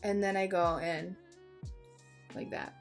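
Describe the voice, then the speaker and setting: A woman's voice: on the low side, steady tone, slow pace, creaky, soft background music. A woman giving a casual makeup tutorial, chatty and jokey, swearing freely and mocking herself. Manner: self-mocking asides. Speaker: beauty vlogger.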